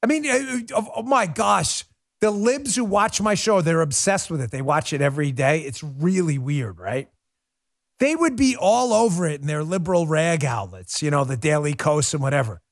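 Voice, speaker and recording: A middle-aged man hosting a political talk show, delivering a casual, sarcastic commentary monologue with lots of quick asides. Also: fairly high pitch, dry recording, clean studio sound. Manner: animated, sarcastic, rapid asides.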